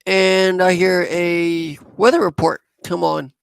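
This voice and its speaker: A man, telling a personal story in a rambling, halting way. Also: high voice, little pitch movement, vocal fry, smooth, no room sound. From southwest Missouri. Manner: rambling, halting, with many fillers. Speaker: vlogger.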